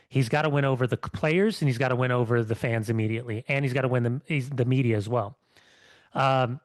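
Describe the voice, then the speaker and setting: A man co-hosting a casual football chat, relaxed and conversational. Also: mid-range voice, no echo. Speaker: podcast co-host, former player.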